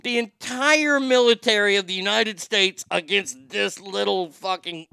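A man's voice: sits high, unhurried, vocal fry, pushed and bright, clear, resonant tone, no echo, studio quality. A middle-aged man hosting a show, telling a story in a casual, profane rant with a lot of stammered restarts. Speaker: show host. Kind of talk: casual ranting monologue.

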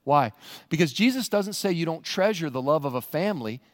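A male pastor preaching a sermon in a church, animated and rising to near-shouts for emphasis. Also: on the high side, a little fast, big-room sound. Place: church sanctuary.

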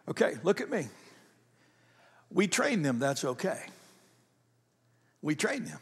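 An older man preaching a sermon in a conversational, animated storytelling way. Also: on the high side, slightly rough, long reverb tail. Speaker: pastor.

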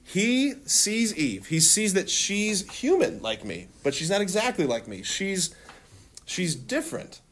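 A man teaching a classroom of children, animated and laughing, calling on students and leading them in call-and-response. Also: high-pitched, a little slow. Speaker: religion teacher.

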